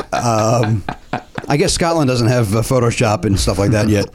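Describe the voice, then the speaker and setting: A man's voice: medium pitch, noisy background. A man hosting a comedy podcast, joking and ranting in mock outrage. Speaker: podcast host.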